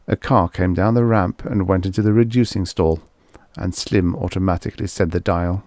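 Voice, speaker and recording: A man's voice: low-pitched, steady tone, normal speed, few pauses, a little mellow, no echo, studio quality. A man narrating a vintage story aloud in a wry first-person telling. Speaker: audiobook narrator. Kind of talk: scripted narration.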